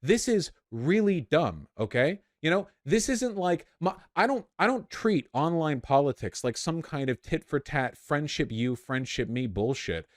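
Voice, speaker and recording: A man's voice: mid-range voice, no echo, clean studio sound. A man, a political streamer in a played clip, speaking in a cocky, dismissive way. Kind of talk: streamer commentary.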